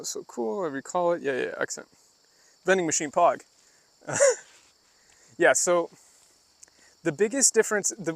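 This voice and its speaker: A man's voice: a little high, a bit bright, no room sound. A man casually live-streaming while walking outdoors, chatting loosely with many fillers and asides as he explains things to his chat. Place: outdoors on a rural walk.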